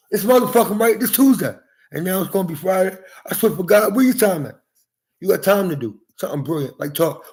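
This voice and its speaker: A man in his forties talking straight to viewers in a rambling, profane monologue from inside his house, jumping from topic to topic. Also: high voice.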